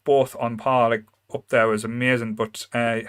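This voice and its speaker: Man, north east english accent, podcast host, rambling casual chat, self-deprecating, mid pitch. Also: little pitch movement, moderate pace, clean tone.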